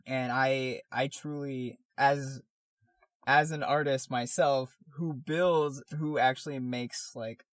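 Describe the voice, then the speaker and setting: A man co-hosting a casual podcast at a middling pitch, rambling and circling back as he searches for words. The recording is dry and close, with no room around it. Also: dry recording. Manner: rambling, many fillers and restarts. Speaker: podcast co-host, artist. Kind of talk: casual chat.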